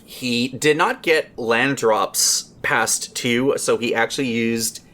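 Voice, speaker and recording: A man's voice: medium pitch, slow pace, sharp tone. A man on a podcast panel, casually telling a long, rambling story full of fillers and swearing.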